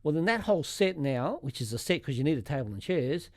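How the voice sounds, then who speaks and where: Male accountant guest, methodical explainer, slightly high voice, dry studio sound. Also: lively intonation, quick pace, no echo. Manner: methodical, walks through examples step by step. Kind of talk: explaining tax rules in a podcast.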